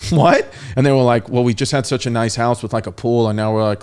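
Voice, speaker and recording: A man's voice: mid-range voice, quick pace, few pauses, clear, resonant tone. Rambling comedian man telling a story. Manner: rambling, repeats "I was like", animated retelling. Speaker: podcast guest, comedian. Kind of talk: casual storytelling.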